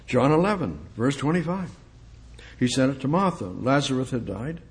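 A man's voice: animated, moderate pace, a little hiss or hum. Emphatic preacher man, repeating himself. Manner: emphatic, repeats phrases, asks the listeners questions; swings between loud exclamations and low asides. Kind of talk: sermon with Bible reading.

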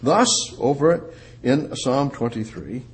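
A man preaching a sermon, repeating words for emphasis and rising louder on the scripture he quotes. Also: mid-range voice, lively intonation. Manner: emphatic, repetitive preaching with slow drawn-out phrases. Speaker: pastor.

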